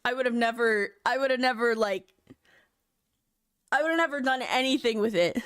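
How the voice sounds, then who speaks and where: Young woman streamer, slightly high voice, rambling and casually profane chat. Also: normal speed, fairly bright tone, clean tone. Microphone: desk mic.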